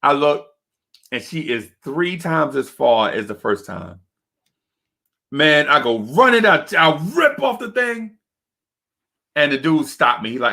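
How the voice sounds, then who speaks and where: A young man hosting a fan livestream show and telling a long, animated story, jumping into high voices to act out the other people in it. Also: unhurried, creaky, long pauses. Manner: acts out other people's voices in his stories, high-pitched and excitable. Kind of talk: animated storytelling and casual chat.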